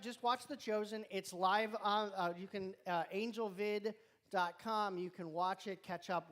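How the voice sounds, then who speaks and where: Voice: medium pitch, a bit bright. A youth leader runs through the week's announcements in a loose, chatty way, cracking jokes at the kids in the room and chewing mid-sentence. The voice sits in an ordinary middle register. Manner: chatty, rambling, joking, talks while chewing. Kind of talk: casual live-stream announcements to a youth group. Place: church youth room with students present.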